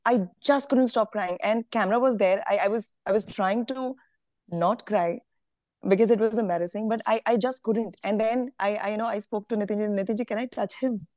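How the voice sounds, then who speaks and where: A woman's voice: medium pitch, moderate pace, darkish tone, no room sound. A woman with an Indian English accent on a video call, earnestly sharing a personal devotional experience with many fillers and restarts.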